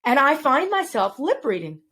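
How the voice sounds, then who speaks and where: A woman's voice: high voice, sing-song, normal speed, pushed and bright. A woman hosting a casual interview, chatty and self-deprecating, with hesitant fillers. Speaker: podcast host.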